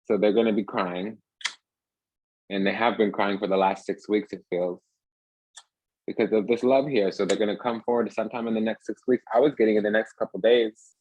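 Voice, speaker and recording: Low husky guy doing a long rambly tarot reading, dry close sound. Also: steady tone, a little fast, darkish tone, no echo, lo-fi sound. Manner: rambling and emphatic, restless. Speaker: tarot reader.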